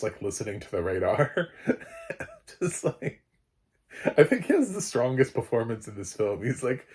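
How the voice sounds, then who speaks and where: A man's voice: lowish voice, darkish tone. A man giving a casual film review, rambling with many fillers and restarts, chuckling between thoughts. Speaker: film critic.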